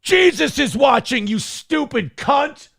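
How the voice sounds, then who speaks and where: A man putting on the voice of a furious man losing his temper, shouting profanity in a high, strained voice. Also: very animated, slow, creaky, exaggerated voice. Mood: screeching rage. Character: shrieking furious man in a crash-out rant.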